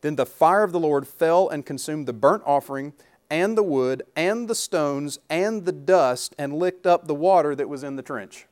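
Preacher guy reading the bible out loud then cracking jokes, kinda high voice. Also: normal speed. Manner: reads scripture aloud, then riffs with humor and questions to the congregation. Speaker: pastor. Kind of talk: sermon.

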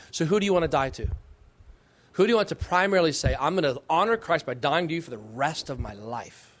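A middle-aged man, a pastor, answering questions from young women, with emphatic rising phrases and slow, deliberate stresses. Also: a little high.

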